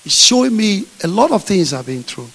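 Brief: male preacher, very high voice, animated swings, long hall echo. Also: brisk, creaky, husky. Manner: animated storytelling, acting out scenes. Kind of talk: sermon. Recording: echoey hall.

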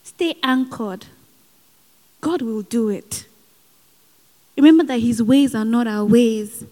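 A woman's voice: a little high, slow pace, dark tone. A woman preaching a sermon in an earnest, exhorting way, with personal asides. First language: not given. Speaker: speaker at a Christian gathering. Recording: hall with long reverb.

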